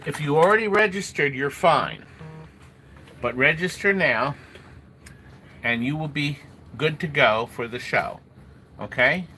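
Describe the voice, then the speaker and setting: A middle-aged man hosts a casual livestream selling arcade games, rambling along and greeting viewers by name. His voice is a little high, bright and forceful, unhurried with long pauses, over noisy room ambience and faint background music.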